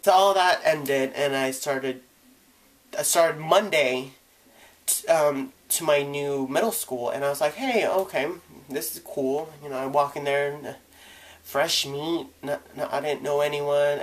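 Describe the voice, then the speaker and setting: A young man telling his own coming-out story in a vlog, candid and casual, acting out the people he quotes with sudden jumps in pitch and volume. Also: moderate pace. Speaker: vlogger.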